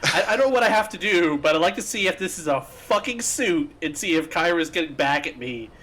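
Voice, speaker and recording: A man's voice: on the high side, lively intonation, brisk, a bit bright. A man playing in a tabletop game, speaking hesitantly and laughing easily. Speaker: player.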